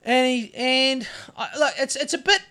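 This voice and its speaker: A man's voice: extremely high pitch, normal speed, clean tone. A man, a podcast co-host getting over covid, telling a story in casual chat, cursing freely and acting out what he said. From New Zealand. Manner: profane, animated storyteller acting out his own lines. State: recovering from covid.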